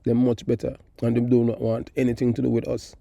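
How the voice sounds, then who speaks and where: A man's voice: mid-range voice, monotone, a little fast, gravelly, warm tone, dry recording. A middle-aged man with a Jamaican accent hosting a call-in show, giving emphatic, rambling political commentary and moving between patois and standard English. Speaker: host of a call-in talk show.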